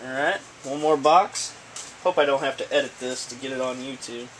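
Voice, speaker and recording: A man's voice: medium pitch, normal speed, a little hiss or hum, rough recording. A man chatting casually while unboxing, rambling and stammering with many hesitations as he talks about breeding snakes.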